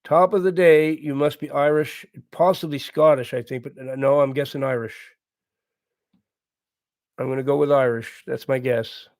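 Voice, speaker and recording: With a mid-range voice, fairly even intonation, and a moderate pace, a livestream host reads out what viewers type in chat. He answers earnestly and casually, often repeating himself and chuckling.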